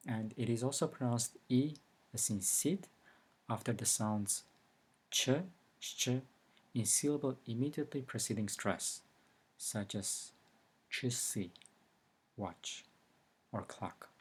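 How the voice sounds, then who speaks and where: A man giving a recorded language lesson, explaining slowly and carefully with example words. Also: medium pitch, slightly rough. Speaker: language teacher.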